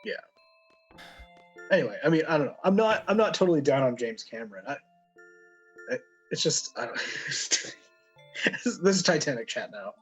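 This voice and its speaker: A man with a slightly high, husky voice chats through a video game commentary. His pitch swings widely and he rambles with fillers and frequent laughs. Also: expressive, normal speed, pauses often, faint music behind, rough recording. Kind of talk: casual commentary chat.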